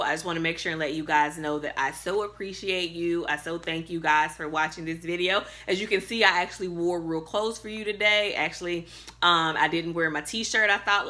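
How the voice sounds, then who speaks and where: A woman's voice: on the low side, sharp tone. A woman in her bedroom recapping a TV episode to camera, chatty, with many fillers, getting worked up. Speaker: TV recap vlogger. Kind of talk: casual recap talk to camera.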